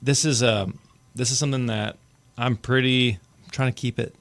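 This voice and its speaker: A man in his thirties, a realtor co-hosting a casual podcast, talking in an animated, chatty way. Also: mid-range voice, moderate pace, dry recording. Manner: animated, talkative storyteller.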